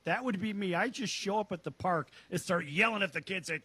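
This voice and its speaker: A man hosting a sports talk show, loud, brash and joking, reading ads and bantering with his co-host. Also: sits high, lively intonation, brisk, slightly rough, no echo.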